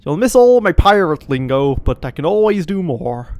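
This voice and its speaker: A man's voice: a little high, sing-song, normal speed, a little mellow, no room sound. A man co-hosting a strategy game session, talking casually while keeping up a hammy pirate voice with growled yars. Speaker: co-host and player. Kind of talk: casual gameplay chat.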